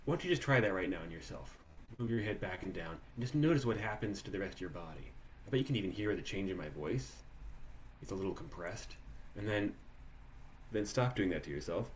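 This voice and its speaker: Low-voiced man leading a workshop. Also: a little hiss or hum. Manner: conversational, many restarts and "like", asks participants questions. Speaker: workshop leader. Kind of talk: live workshop teaching. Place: online live workshop, video call.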